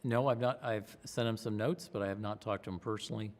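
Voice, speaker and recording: A man's voice: lowish voice, fast. Middle-aged man telling stories, reverberant sound. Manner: lively storyteller acting out others' voices. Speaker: pollster interviewee. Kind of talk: anecdotal interview storytelling.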